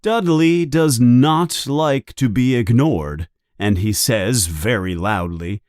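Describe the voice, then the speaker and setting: A man reading a simplified storybook aloud for English learners, slowly and clearly. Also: medium pitch, a little mellow, no echo, studio quality. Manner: slow, clearly paced reading. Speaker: audiobook reader.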